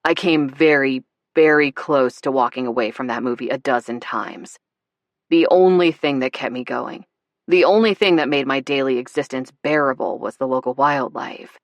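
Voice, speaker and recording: Woman reading as a gruff grown man, teasing, low voice, dry close sound, audiobook. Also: normal speed, no room sound. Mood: earnest. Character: blustering but tender grown man.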